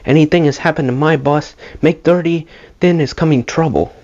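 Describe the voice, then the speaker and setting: A man's voice: fairly high pitch, moderate pace, a little mellow, pitched above the performer's own voice, lightly acted. A man voicing a stern male bus driver with a Finnish accent, speaking firm, broken English. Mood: firm warning. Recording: dull lo-fi recording.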